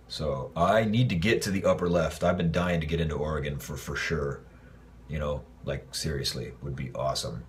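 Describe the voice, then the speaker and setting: A man from Los Angeles casually answering fan messages in a livestream, rambling and relaxed with lots of fillers. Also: a bass voice, normal speed, slight background noise. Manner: laid-back, rambling, loose with fillers. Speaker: actor answering fans.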